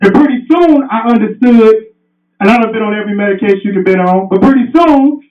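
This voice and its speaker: A passionate, fiery man gives a motivational speech in a very high voice. He sounds far from the mic in a roomy space, and the sound is dull and muffled. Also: brisk, faint music behind. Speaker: motivational speaker. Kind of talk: motivational speech to a live audience. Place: event room indoors.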